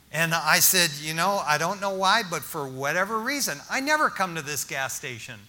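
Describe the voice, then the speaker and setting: An older man preaches with a high, very bright, piercing voice, joking his way through a story and acting out the dialogue. His words ring out with a long reverb from a big church hall. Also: moderate pace, hardly any pauses. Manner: animated, joking, with restarts and acted-out dialogue. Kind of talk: storytelling sermon testimony.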